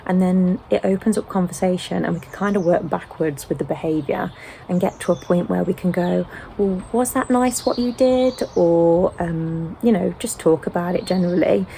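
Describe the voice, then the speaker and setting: A British mother in a casual sit-down chat, explaining gently with frequent ums. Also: lowish voice, steady tone, normal speed, creaky, a little hiss or hum, rough recording. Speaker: home-educating mother.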